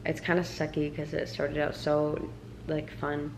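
Low, gravelly-voiced young woman vlogger. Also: level tone, measured pace, roomy sound, noisy background. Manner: breathless retelling, many fillers; quiet, subdued retelling. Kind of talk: storytime vlog.

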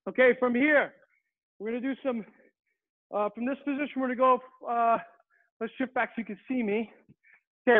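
A male guest martial arts instructor leading an online fitness class, calling out drills with upbeat coaching. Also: very high voice. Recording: tinny video-call audio.

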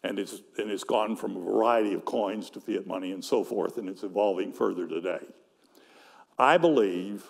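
An older man presents on economics at a conference, walking through his slides in a measured way and often repeating words. His voice is lowish, creaky, and a little mellow, with a big-room sound.

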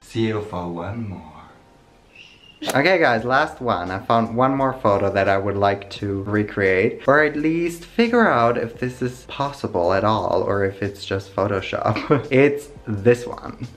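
A young man hosting a casual home vlog, playful and giggly, breaking into high squeals now and then. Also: expressive, measured pace, faint music behind. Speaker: vlogger host. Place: home room.

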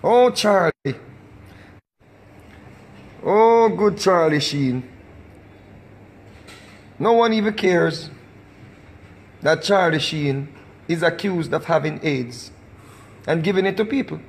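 Man, Jamaican accent, high voice, impassioned vlog rant, emphatic, repeats himself, preaching. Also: slow, long pauses. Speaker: recording artist.

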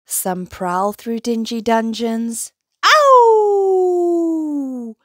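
Woman reading a kids' rhyming book, real slow, dry close sound. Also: medium pitch, dry recording. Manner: slow, rhythmic rhyming delivery. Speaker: storyteller. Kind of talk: children's picture book read-aloud.

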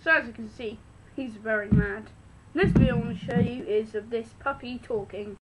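A woman hosting a casual video show, giving wry, deadpan remarks between clips. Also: a little high, moderate pace, dull audio, background noise. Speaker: video host.

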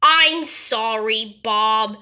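A woman's voice: a little high, drawn-out words, pushed and bright, voice pushed down, exaggerated voice. A woman doing a stern cartoon dad. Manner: firm, scolding. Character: stern father scolding his son.

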